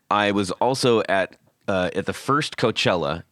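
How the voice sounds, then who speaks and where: A man hosting a podcast, chatting casually and telling stories in a jokey, animated way. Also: lowish voice, dry recording. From California. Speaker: podcast host. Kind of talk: casual chat.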